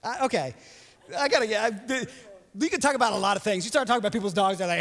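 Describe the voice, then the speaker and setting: Young male pastor, high and lively, comic sermon delivery, long church-hall reverb. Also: quick pace. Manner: animated, joking, voices quotes playfully.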